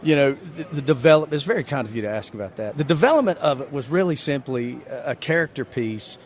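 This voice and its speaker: A man's voice: mid-range voice, expressive, fast. Man, Southern US accent, folksy, rambling, self-deprecating, interview guest. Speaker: magician guest. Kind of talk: casual interview chat.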